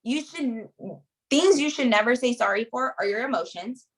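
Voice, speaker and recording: A woman's voice: on the high side, moderate pace, rough recording. A woman leading a group coaching session, giving motivational advice in an emphatic way and checking in with "right?" after nearly every point.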